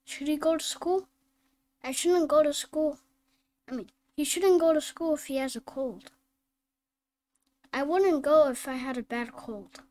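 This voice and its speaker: A woman reading phonics drills and simple sentences aloud, slow and deliberate, word by word. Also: sits high, dark tone. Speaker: phonics teacher.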